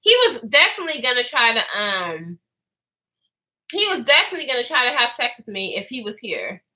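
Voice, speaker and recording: A woman in her twenties answers live comments during a candid storytime vlog, chatty and profane. Her voice is on the high side with big pitch swings, fairly quick, and sharp in tone.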